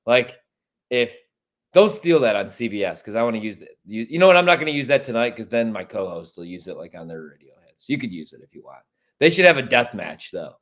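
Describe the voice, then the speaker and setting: A man hosts a casual sports podcast, and his pitch swings widely as he fires off blunt, profane opinions. He talks in a loose, animated way. He is from Chicago. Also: a little fast.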